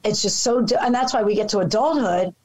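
A woman co-hosting a podcast, agreeing enthusiastically with a few halting restarts. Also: mid-range voice, darkish tone, rough recording. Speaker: podcast co-host. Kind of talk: conversational interview.

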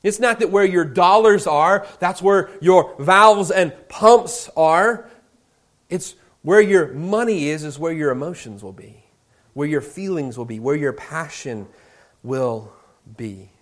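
A male pastor preaching a sermon, slowing down and dropping to a hush on key words, with conversational asides. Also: fairly high pitch. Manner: expressive preaching, slows for emphasis, drops to a hush on key words.

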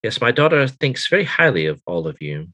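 A man's voice: mid-range voice, very animated, brisk, bright, forceful tone, slightly rough, full character voice. A man playing a formal, courteous businesswoman. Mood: cordial. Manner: formal, apologetic, polite. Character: courteous woman merchant dining.

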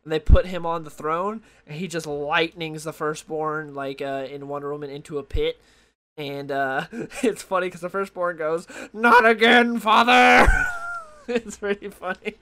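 A young man with a slightly high voice talks casually into a desk mic, rambling loosely through a comic book review. He restarts his sentences and leans on fillers as he goes. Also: a bit bright. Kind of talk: casual solo review talk. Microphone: desk microphone.

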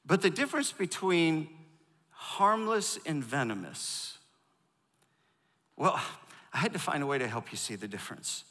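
A man's voice: on the high side, very animated, unhurried, long pauses, sharp tone, big-room sound. A man preaching a sermon as a pastor, cracking jokes and calling on the congregation to repeat lines after him. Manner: joking, calls for audience responses. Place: large church auditorium.

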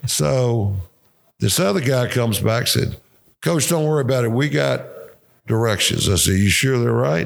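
An older man with a drawl tells rambling coaching stories, salted with swearing and his own laughter. His voice is gravelly and sits at an ordinary pitch. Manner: profane, laughing anecdotes. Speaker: retired football coach, guest. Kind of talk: casual storytelling.

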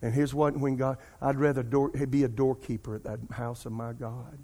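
Husky pastor preaching. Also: male voice, mid-range voice, normal speed. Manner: animated storytelling, addresses congregation as "y'all". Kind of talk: sermon with personal story.

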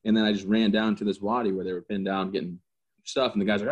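A man's voice: lowish voice, fast talker, husky, dull audio. A man, an army veteran, telling stories casually as an interview guest, joking and acting out quotes. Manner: animated, jokey, acts out quotes and gun sounds. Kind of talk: casual storytelling.

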